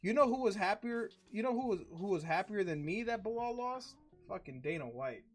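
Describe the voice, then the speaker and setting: A man's voice: high-pitched, animated, fairly quick, faint music behind. A man hosting a live card-break stream, chatting casually with slangy, profane banter.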